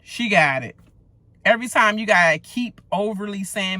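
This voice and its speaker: A woman's voice: medium pitch, very animated, moderate pace, a bit bright. Woman, reaction vlogger, casual rant, blunt, outspoken, slangy, filler-heavy. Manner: blunt, outspoken, heated ranting; loose slangy talk with many fillers. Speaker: reality show reaction vlogger.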